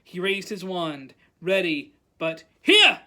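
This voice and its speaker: A librarian reading a novel aloud at storytime, animated and calling out the characters' lines. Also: mid-range voice, moderate pace.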